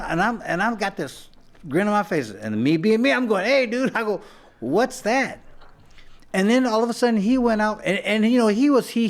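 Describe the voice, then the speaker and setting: Rambling man telling boxing stories. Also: sits high. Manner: rambling, many restarts, acts out quotes. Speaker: guest, former boxer. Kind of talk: casual storytelling.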